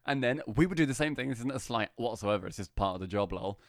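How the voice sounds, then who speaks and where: A man's voice: mid-range voice, fast talker, no echo, clean studio sound. A man co-hosting a podcast, chatting casually and jokingly, laughing often. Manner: jokey, animated, laughs often. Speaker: podcast co-host. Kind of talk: casual chat.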